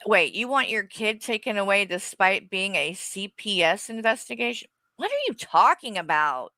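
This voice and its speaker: A woman with a bright, cutting voice rants at her chat on stream, swearing and defensive. She reads comments aloud and snaps back at them. The recording is dry and close. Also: medium pitch, sing-song, normal speed, no room sound. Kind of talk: live stream rant.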